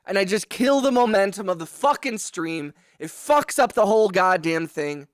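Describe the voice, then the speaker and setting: A man's voice: high-pitched, expressive, normal speed, no echo. A man streaming live to viewers from a home music studio, ranting in frustration and swearing, mocking himself, then thanking his chat on a close microphone. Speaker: livestreaming music producer. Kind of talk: casual livestream chat to viewers. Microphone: close broadcast microphone.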